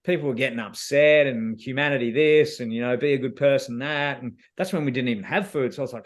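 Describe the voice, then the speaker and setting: An Australian man recounts his time as a reality show contestant in a relaxed, slang-filled ramble. His pitch sits in an ordinary middle range. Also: fairly quick. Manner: laid-back, slangy storytelling with many fillers. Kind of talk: casual interview answers.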